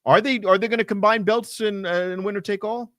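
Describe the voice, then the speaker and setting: A man casually recapping a wrestling show, animated and rambling, with lots of fillers and swearing. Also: high-pitched, fairly quick, no echo, clean studio sound. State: hot and sweaty. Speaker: podcast co-host.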